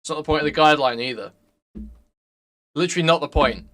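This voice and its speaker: A man's voice: a little high, quick pace, fairly bright tone. A young man commenting casually on a live stream, blunt and profane, rambling to his chat.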